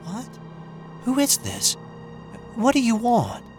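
A man voicing a frightened, indignant mother answering the phone, sharp and scolding. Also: very high-pitched, wildly swooping pitch, slow pace, faint music behind, pitched above the performer's own voice, exaggerated voice. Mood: scared scolding.

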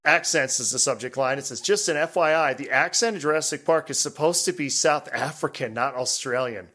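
A man's voice: medium pitch, fairly quick, sharp tone. A man co-hosting a podcast, reading listener emails aloud in casual chat and laughing often. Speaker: podcast co-host.

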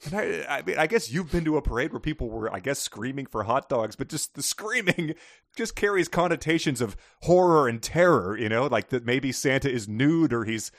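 A man chatting on a podcast about a book, his pitch leaping up and down as he jokes. His voice is close and dry, with no room sound. He talks in a wry, playful way. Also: moderate pace, dry recording. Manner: wry, animated, breaks into laughter. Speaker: podcast co-host. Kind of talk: casual book-discussion chat.

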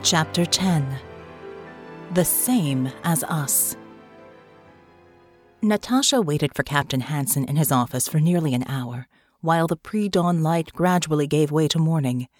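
A woman narrating an audiobook in a measured, even storytelling manner. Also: low voice, soft background music.

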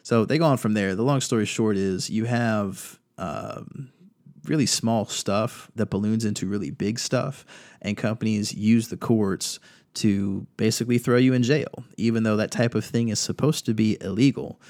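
Low-voiced man commenting on news stories. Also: normal speed, darkish tone, dry recording, studio quality. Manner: reads quotes from articles, adds opinion. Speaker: podcast host.

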